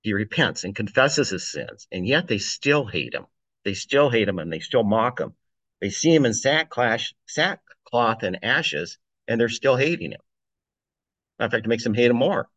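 A man's voice: medium pitch, sing-song, moderate pace, fairly bright tone, no room sound, low-quality recording. Man preaching casually on a psalm. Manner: conversational, reads scripture aloud, chuckles between points. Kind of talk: informal sermon on a psalm.

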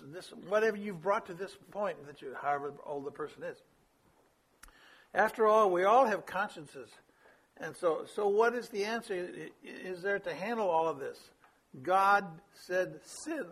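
A man preaching a sermon, teaching how to share faith, swinging between quick bursts and slow, quiet emphasis. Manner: varies pace and loudness, drops low for emphasis. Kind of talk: sermon on evangelism.

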